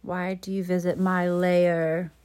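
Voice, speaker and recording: A solitary female dragon who keeps to her tower, with a woman reading her part speaks in a lowered, unhurried voice. Her lines come out plain and matter-of-fact, like improvised bedtime play. The sound is dry and close, with no room echo. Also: flat delivery, darkish tone. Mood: aloof. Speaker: parent joining a child's made-up story.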